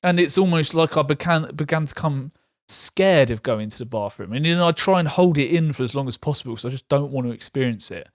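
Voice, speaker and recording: A man talking frankly to camera about his own experience, halting and self-correcting, with light laughs. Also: fairly high pitch, animated, dry recording, studio quality. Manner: frank, halting, laughs through hard topics. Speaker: vlogger sharing patient experience. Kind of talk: candid personal talk to camera.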